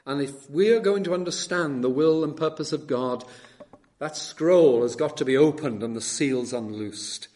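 Dramatic male preacher, slow stressed words. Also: a little high. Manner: dramatic, swings between soft and loud emphasis; slows down to stress key words. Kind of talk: expository sermon.

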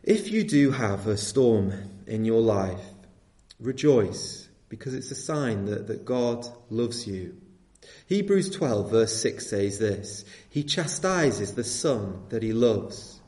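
A man preaching a sermon, swinging between loud urging and quiet, earnest appeals to his listeners. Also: lowish voice, very animated, slow. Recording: echoey room.

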